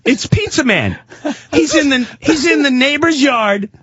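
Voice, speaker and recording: Animated male comedian telling a story. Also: very high-pitched, measured pace, no room sound, lo-fi sound. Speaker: guest comedian. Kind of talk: comic storytelling on talk radio.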